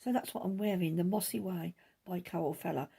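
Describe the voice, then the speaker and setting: A middle-aged woman hosting a knitting podcast, chatting casually in a rambling, quick way with many asides, recorded at home on a camera mic. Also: lowish voice, vocal fry, warm tone, husky. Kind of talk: casual chat.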